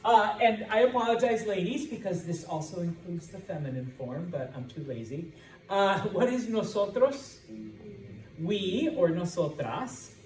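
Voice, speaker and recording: Slow, joking American man teaching in an echoey classroom. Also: high-pitched, animated, recorded from a distance. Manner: informal, joking, checks understanding with constant "okay?". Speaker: Spanish teacher. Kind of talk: classroom lecture with student call-and-response.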